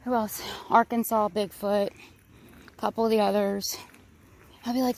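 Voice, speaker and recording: A woman chats her way down a wooded trail, rambling and excitable and slightly out of breath. Her voice carries a gravelly edge, and crickets sit faintly behind her. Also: mid-range voice, measured pace. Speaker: vlogger. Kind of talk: casual walking vlog narration. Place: wooded park trail outdoors. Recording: outdoor recording, crickets and faint background noise.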